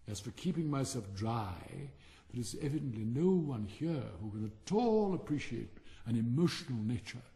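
A man's voice: medium pitch, very animated, moderate pace, mellow, big-room sound, natural voice. A man voicing a vain, touchy male firework rocket in a haughty, theatrical manner for a storybook. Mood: scornful. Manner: haughty, self-important, theatrical.

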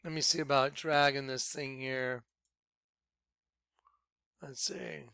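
An animated man preaching informally to his followers, laughing and lurching between loud outbursts and quiet asides. His voice is bright and crisp, pitched a little high, and it sounds close and dry. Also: takes it slowly, no room sound. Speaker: ministry leader.

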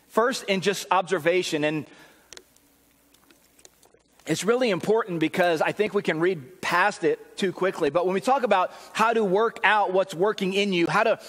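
Male pastor, earnest and encouraging preacher, fairly high voice, heard in a reverberant church. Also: measured pace, long pauses, fairly bright tone. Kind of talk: sermon. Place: church sanctuary.

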